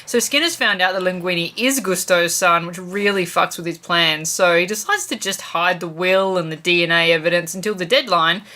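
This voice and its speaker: A woman's voice: on the low side, normal speed, hardly any pauses, bright, forceful tone. A woman, co-hosting a podcast, who bluntly recaps a plot with a lot of swearing and laughter. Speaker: guest co-host. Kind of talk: casual chat recapping a plot.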